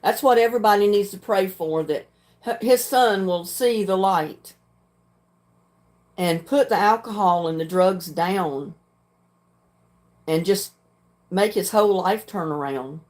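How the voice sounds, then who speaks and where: A woman's voice: medium pitch, unhurried, pauses often, darkish tone. Frank older woman livestreaming. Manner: frank, plainspoken, clears throat often. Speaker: livestream host. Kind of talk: casual chat reading viewer comments.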